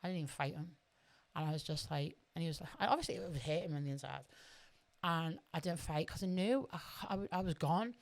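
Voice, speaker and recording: A middle-aged woman appears as a podcast guest, telling her story bluntly and swearing plenty in candid conversation. Her voice sits low and her pace is quick.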